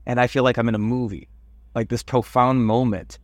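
A man from Cleveland hosting a podcast interview, asking questions and telling his own stories in a chatty, animated way. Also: mid-range voice, fairly quick, dry recording. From Cleveland, USA. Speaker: podcast host. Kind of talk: interview with personal anecdotes.

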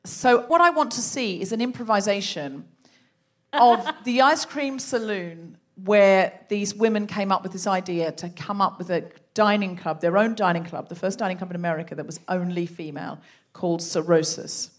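A woman's voice: mid-range voice, moderate pace. A woman hosting a live comedy podcast on a theatre stage, chatty and leading the story. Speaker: podcast host.

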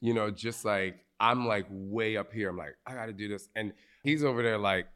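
Podcast host, male, Jersey accent, lower voice, blunt and animated, swears freely. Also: normal speed, clean tone. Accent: New Jersey. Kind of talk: live podcast conversation. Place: live recording at a retreat.

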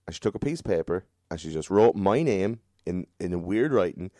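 A man's voice: sits low, lively intonation, a little fast, warm tone, no room sound, studio quality. A man telling a rambling, profane story on a casual podcast. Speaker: podcast host.

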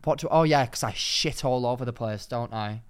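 A man co-hosting a podcast, telling a story in animated casual chat and sounding squeamish about the topic. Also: mid-range voice, brisk, smooth. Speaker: podcast co-host.

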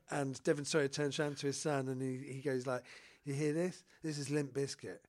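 A man co-hosting a podcast, telling rambling, excitable stories in casual chat and laughing as he goes. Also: medium pitch, normal speed. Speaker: podcast co-host.

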